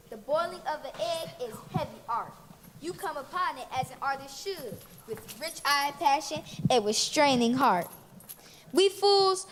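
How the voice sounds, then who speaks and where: A woman introducing herself and then reading a poem in a soft, hushed, expressive way. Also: high-pitched. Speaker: poetry reader. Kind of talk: poetry recitation.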